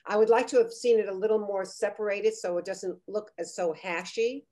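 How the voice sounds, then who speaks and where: A woman's voice: mid-range voice, steady tone, a little fast, warm tone. A woman judging a cooking contest over a video call, gushing and rambling, often restarting her sentences. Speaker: guest judge.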